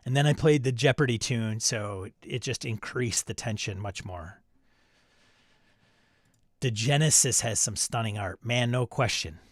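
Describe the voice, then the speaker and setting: Speaking at a measured pace in a mid-range voice, a live-stream show host reads out viewer comments casually, chuckling and playing off them. The recording is dry and studio quality.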